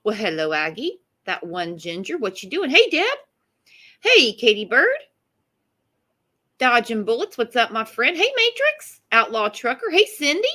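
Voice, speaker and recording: Blunt, bright-voiced woman livestreamer. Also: on the high side, big pitch swings, a little slow. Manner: blunt, profane, greets chat viewers by name. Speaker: true crime livestream host. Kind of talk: casual livestream chat.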